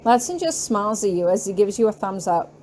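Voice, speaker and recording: A woman narrates a fan fiction audiobook in a calm, measured way. Her voice is mellow and warm, with faint noise in the background. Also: medium pitch. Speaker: audiobook reader.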